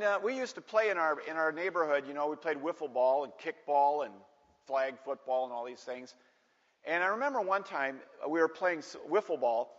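A man preaching a sermon through a personal story, animated and acting out the voices of the people in it, in a large church hall. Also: fairly high pitch. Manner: animated, acts out voices in stories. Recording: dull echoey hall recording.

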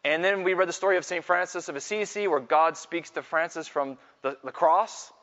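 A middle-aged man gives a lively faith talk to a full room, spinning self-mocking stories that climb into loud exclamations. His voice sits on the high side for a man, and it rings with a long reverb in a big hall. The recording is dull and lo-fi. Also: moderate pace. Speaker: Catholic speaker and Scripture teacher. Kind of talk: live faith talk with storytelling. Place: large hall with a live audience.

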